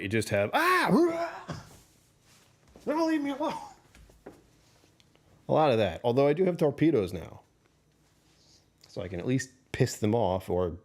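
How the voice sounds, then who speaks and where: A man's voice: lowish voice, a little mellow. A middle-aged man streaming live, rambling through casual chat with his viewers and chuckling often. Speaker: livestreamer.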